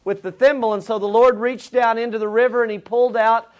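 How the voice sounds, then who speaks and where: Male pastor, very high pitched, relaxed conversational sermon delivery. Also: fast. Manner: conversational, with frequent fillers and restarts.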